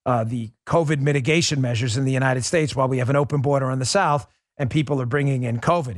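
A man's voice: medium pitch, fast, few pauses, no room sound, clean studio sound. A man hosting a political commentary podcast. He talks in an emphatic, sarcastic way, with rambling asides. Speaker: podcast host. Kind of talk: conservative political commentary with host-read ad.

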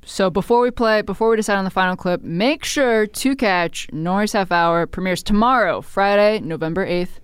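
A woman hosting a podcast interview, upbeat and full of quick affirmations. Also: mid-range voice, clean tone, no echo, clean studio sound. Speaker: podcast host. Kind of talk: casual interview chat.

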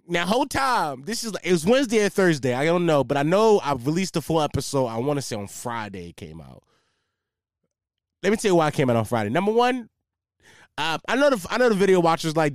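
Animated, rambling young man podcasting. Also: on the high side, a little fast, no echo, clean studio sound. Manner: profane, rambling, loses track, animated storyteller. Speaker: podcast host. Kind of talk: casual solo podcast rant.

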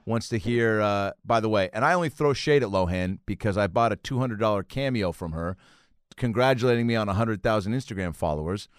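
Smooth-voiced man hosting a crude, rambling podcast. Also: lowish voice, a little fast, no echo, clean studio sound. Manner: rambling and profane, with many restarts and laughter. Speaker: podcast host. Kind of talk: casual comedic podcast banter.

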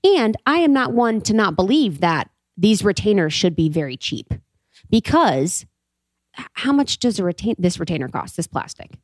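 A woman's voice: mid-range voice, big pitch swings, moderate pace, no echo, clean studio sound. A young adult woman with a slight lisp, co-hosting a podcast in casual, laughing chat. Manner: chatty, laughing, trailing off into asides. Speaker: podcast co-host.

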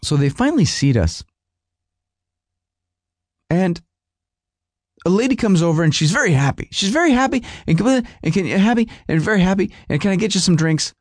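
Man, podcast host, whiny rambling comic monologue, lively swooping pitch. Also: normal speed, long pauses, dry recording, clean studio sound. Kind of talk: comedic storytelling monologue.

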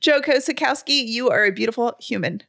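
A pregnant young adult woman co-hosting a casual home podcast, chatty and quick to laugh. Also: fairly high pitch, expressive, vocal fry, fairly bright tone. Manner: chatty storyteller, laughs often. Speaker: podcast co-host. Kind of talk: casual chat.

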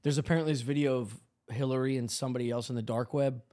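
A man's voice: mid-range voice, steady tone, fast, a little mellow. A man co-hosting a comedy podcast, rambling in crude, joking chat. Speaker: podcast co-host.

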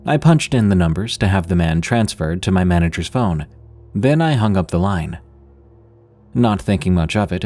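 A man narrating a first-person work story in a steady, scripted storytelling delivery. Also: low voice. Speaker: podcast narrator.

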